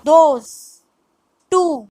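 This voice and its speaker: Brief: woman tutor, high voice, very slow deliberate reading, dry close sound. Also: dark tone, no echo, low-quality recording. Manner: measured, word-by-word reading. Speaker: language teacher. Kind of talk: scripted vocabulary lesson.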